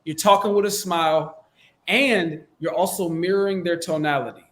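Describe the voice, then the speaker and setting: A man's voice: sits high, normal speed. Slangy man coaching casually. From Southern United States. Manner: relaxed, slangy, conversational. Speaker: sales coach. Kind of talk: casual instructional talk. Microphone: close microphone.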